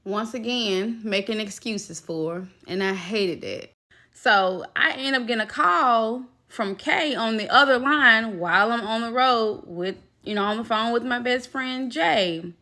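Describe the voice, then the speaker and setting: A woman recounts her own story to the camera, speaking to viewers directly and emphatically. Her voice is bright and edged, and she takes her time over each phrase. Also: a little high, measured pace. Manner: emphatic, talks straight to viewers, acts out quoted voices. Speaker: vlogger telling a personal story. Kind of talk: casual storytime.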